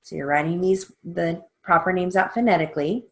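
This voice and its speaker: A middle-aged woman teaching steno theory, dictating sentences slowly and spelling out names letter by letter. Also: fairly low pitch. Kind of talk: slow dictation and explanation.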